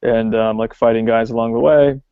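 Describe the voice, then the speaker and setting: A man co-hosting a podcast, talking casually about films with many pauses and ums. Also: medium pitch, clear, resonant tone, dry recording. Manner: relaxed, hesitant with many ums. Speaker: podcast co-host. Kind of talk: casual film discussion. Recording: dull lo-fi podcast audio.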